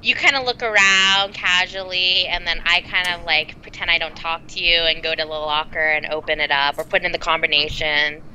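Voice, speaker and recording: A woman's voice: on the low side, fairly even intonation, normal speed, few pauses, pushed and bright, slight background noise, rough recording. A woman playing a tabletop role-playing game, casually describing what her character does. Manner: casual, describes actions, says like often. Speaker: player.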